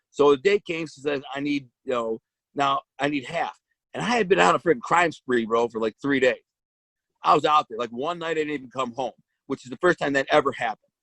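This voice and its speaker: A man's voice: a little high, a bit bright, no echo, rough recording. A man casually telling his own story in blunt street slang, with frequent restarts.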